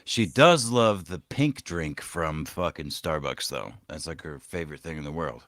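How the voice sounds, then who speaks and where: A man's voice: extremely low pitch, animated, moderate pace, fairly bright tone, no room sound, clean studio sound. A man co-hosting a casual podcast, telling stories in a crude, profane way. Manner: crude, profane storytelling with laughs.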